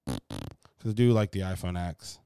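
Casual podcast co-host, man, lowish voice, profane and rambling, dry close sound. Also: animated, normal speed, warm tone, clear, resonant tone, no echo, faint music behind. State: recovering from car accident, dry mouth. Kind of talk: casual chat.

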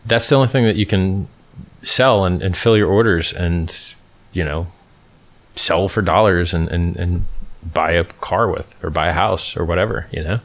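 A man's voice: low voice, moderate pace. A man from California hosting a casual livestream and answering viewer questions, talking emphatically, repeating his points and restarting sentences. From Stockton, California, USA.

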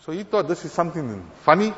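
A man delivers an earnest sermon, his fairly high voice lifting with emphasis on each point. The sound is dull and lo-fi, with a long reverb trailing after his words. He tells moral stories at a steady preaching pace. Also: fast talker.

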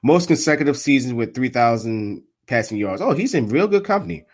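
Excitable trash-talking male game commentator. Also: mid-range voice, a little fast. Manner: swings between muttered asides and loud outbursts. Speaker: live sports commentator and streamer. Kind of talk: casual live football commentary.

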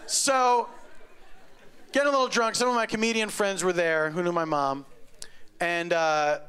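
A middle-aged man telling a stand-up story on stage, wry and deadpan with sudden loud outbursts. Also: high voice, moderate pace, a faint crowd. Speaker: stand-up comedian. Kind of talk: stand-up comedy set. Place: comedy club stage before a live audience.

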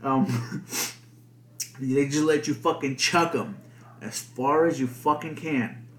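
Young dude podcasting solo, lots of likes and f-words, kinda roomy echo. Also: male voice, mid-range voice, slow pace. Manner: rambling, heavy swearing and filler words. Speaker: podcast host. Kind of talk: casual podcast monologue. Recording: echoey room.

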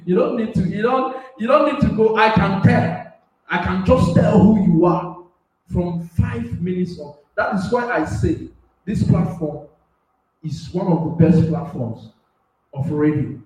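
High-voiced preacher man, echoey and distant. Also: unhurried, muffled recording, soft background music. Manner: swings between loud shouting and soft asides, laughs often. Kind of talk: sermon. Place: radio platform.

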